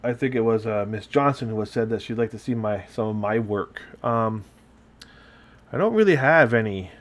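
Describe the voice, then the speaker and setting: A man hosting a casual hobby painting stream, talking in a relaxed, rambling way. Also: fairly low pitch, normal speed. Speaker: hobby painting channel host. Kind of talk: casual chat while painting miniatures.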